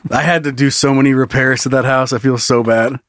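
A man's voice: mid-range voice, fairly even intonation, no echo, clean studio sound. A man co-hosting a comedy podcast, telling stories in casual, profane chat and laughing often. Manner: loose and profane, laughing often, quick bursts of story. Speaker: podcast co-host.

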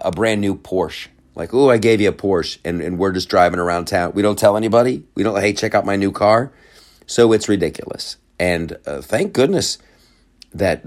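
A man's voice: deep voice, a little mellow. A man hosting a podcast, giving casual political commentary in a sarcastic tone, repeating phrases and laughing at his own points. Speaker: podcast host.

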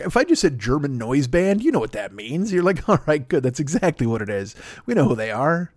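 A man's voice: a little high, very animated, a little fast, darkish tone, no echo. Profane rambling man, dry sound. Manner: profane, riffing, acts out voices with laughs. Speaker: podcast host. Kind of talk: rambling comedic monologue.

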